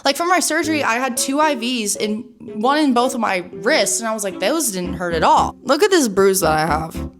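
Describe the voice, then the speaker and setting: A woman's voice: on the high side, moderate pace. Chatty young woman vlogging over music. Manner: chatty, animated storytelling, says like a lot. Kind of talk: casual chat.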